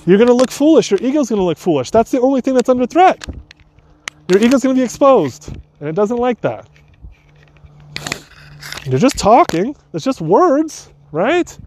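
A man with a high voice talks through advice like a coach, rambling and doubling back on himself. A light hiss of noise sits under the recording. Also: sing-song, normal speed, pauses often, darkish tone. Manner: loose, rambling, with restarts and asides. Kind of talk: casual advice talk.

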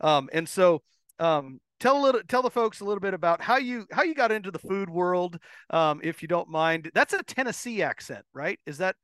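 Host, man, high bright voice, crisp dry sound, teasing and halting. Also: animated, dry recording. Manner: chatty, teasing, hesitant with fillers. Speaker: podcast host. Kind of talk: casual interview chat.

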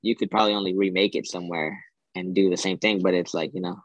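A man's voice: low-pitched, steady tone, fast talker, no echo, rough recording. A young man co-hosting a podcast, telling stories in loose, rambling casual chat full of fillers and swearing. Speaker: podcast co-host.

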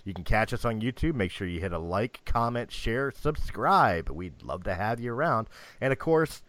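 A man's voice: on the low side, lively intonation, normal speed, fairly bright tone, dry recording. A young man hosting a podcast, joking with guests and reeling off plugs in a practiced rundown. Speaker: podcast host. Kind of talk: casual podcast chat and outro.

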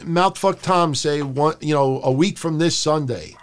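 Podcast guy ranting about wrestling, swears a lot, slightly high voice, gets loud acting stuff out. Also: measured pace. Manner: profane, animated, acts out rants in a raised voice. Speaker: podcast co-host. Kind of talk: casual wrestling talk.

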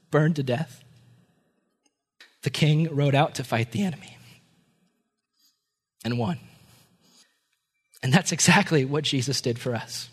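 A male pastor with a voice on the high side tells a dramatic story during a sermon and also prays. His delivery swings between raised and hushed.

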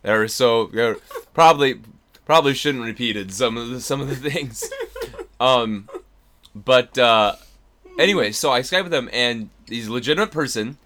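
A young man, an actor and impressionist, telling a story in casual chat, animated, with many fillers and restarts. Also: medium pitch, normal speed, a little hiss or hum.

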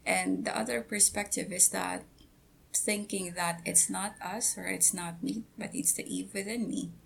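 A woman guest on a podcast, talking hesitantly with many pauses and fillers, and giggling. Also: mid-range voice, steady tone, vocal fry, slight background noise. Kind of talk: casual podcast chat.

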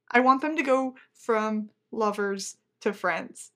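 A woman's voice: on the high side, extremely slow, sharp tone. A woman co-hosting a book podcast, talking casually with many fillers and trailing-off sentences. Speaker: podcast co-host.

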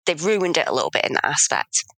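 A woman's voice: low-pitched, sing-song, quick pace, fairly bright tone, no room sound. A woman, co-hosting a casual film review chat, thoughtful and hedging, with self-mocking humor. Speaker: podcast co-host.

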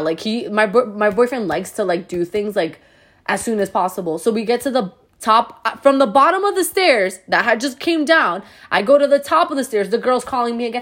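A young woman from New Jersey telling a story in a chatty, animated way, with lots of "like". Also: fairly high pitch, brisk. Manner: chatty, animated, heavy use of "like". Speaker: vlogger. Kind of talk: storytime vlog.

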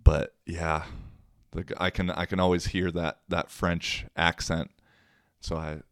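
A young man hosts a solo podcast in a slangy, rambling, self-mocking chat. His voice sits low and deep, and he talks at an unhurried pace. The sound is dry and close, with no room around it. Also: little pitch movement, creaky, no room sound. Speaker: podcast host.

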